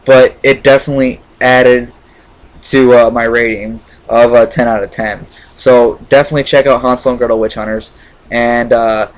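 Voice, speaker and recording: A man's voice: mid-range voice, level tone, normal speed, low-quality recording. Rambling casual male movie reviewer. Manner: rambling, many fillers and restarts; enthusiastic.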